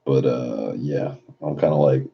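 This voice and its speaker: A man's voice: rumbling low, a little slow, vocal fry, dull audio. A man live streaming late at night in a casual, profane way, reading chat messages aloud and riffing on them.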